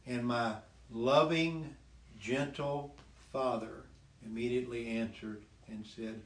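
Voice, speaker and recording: A man casually telling the story of his faith testimony, animated and laughing often, dropping lower when he quotes God. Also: takes it slowly, roomy sound, a little hiss or hum. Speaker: guest sharing his testimony.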